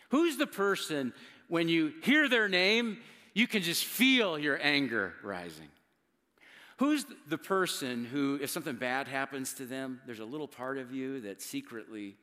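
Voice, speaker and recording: Middle-aged pastor guy preaching, bright punchy voice, lots of pauses, echoey hall sound. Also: medium pitch. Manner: conversational, emphatic preaching with dramatic pauses and repeated words. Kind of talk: sermon.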